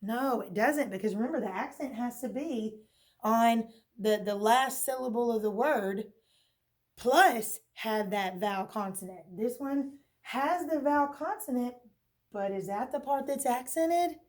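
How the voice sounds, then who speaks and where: A woman teacher with a fairly high voice gives a recorded phonics lesson at an unhurried pace. She's patient, often checks in with "okay?", and asks questions she then answers herself. Now and then she clears her throat.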